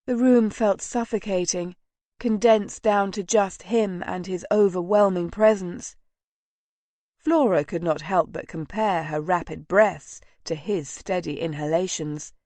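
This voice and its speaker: A woman narrating an audiobook in a slow, measured, soft reading voice. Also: on the low side, dry recording.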